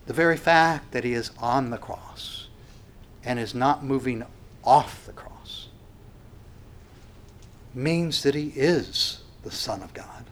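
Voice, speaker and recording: A man preaching a sermon with passion, swinging from quiet, drawn-out phrases to loud, stressed lines as he reads scripture aloud. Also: medium pitch. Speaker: pastor.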